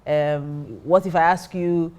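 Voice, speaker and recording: A woman's voice: deep voice, fairly even intonation, takes it slowly, darkish tone. A woman pastor telling a personal story in casual talk, acting out her own reactions. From Nigeria. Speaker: pastor and co-host.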